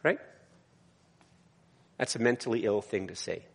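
A man's voice: on the low side, lively intonation, measured pace, gravelly, husky, long reverb tail. A man, a pastor, preaching a conversational sermon in a church, with frequent restarts and asides.

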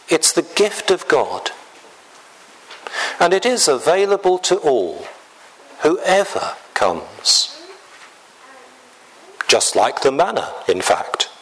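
A man preaching a sermon in a slow, deliberate way, often clearing his throat. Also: a little high, fairly bright tone, rough recording.

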